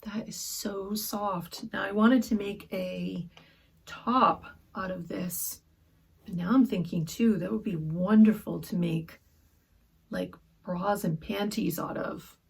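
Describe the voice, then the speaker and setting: A woman vlogger chatting through a sewing haul, gushing softly and often dropping to a whisper over fabrics and books. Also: fairly low pitch, slow, creaky, husky. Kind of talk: casual haul chat.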